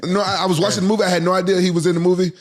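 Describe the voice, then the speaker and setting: A man's voice: high-pitched, level tone, very fast. A man in a casual podcast chat, laid-back, often stammering and restarting his sentences.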